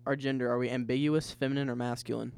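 A man chats fast and loose as a podcast co-host, making fun of himself between jokes. His voice has a gravelly fry, and the words tumble out quickly. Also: mid-range voice, level tone, a little mellow. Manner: jokey, self-mocking banter. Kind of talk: casual chat.

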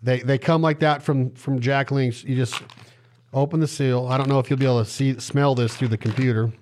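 A man's voice: medium pitch, fairly even intonation, a little fast, a little mellow. A man hosting a podcast in casual chat, playful and jokey, fond of wordplay. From western US. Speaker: podcast host.

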